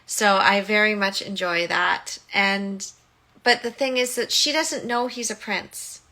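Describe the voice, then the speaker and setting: Bright-voiced woman retelling a story. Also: medium pitch, a little slow. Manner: animated retelling, acting out quotes. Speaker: podcast host and motherhood coach. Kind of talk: casual solo podcast monologue.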